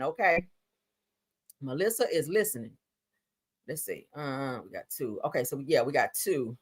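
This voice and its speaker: A low-pitched woman with hosts a casual live stream. Her pitch swings widely as she reacts to the clips, and she drops swear words and playful asides as she goes. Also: normal speed. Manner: animated, swears freely, laughs, playful asides. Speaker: commentary show host.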